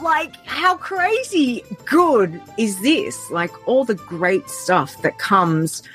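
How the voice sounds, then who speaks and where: A woman's voice: medium pitch, fairly bright tone. An Australian woman talking heartfelt and earnest as a podcast guest, often trailing off and restarting her sentences. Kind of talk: casual podcast conversation.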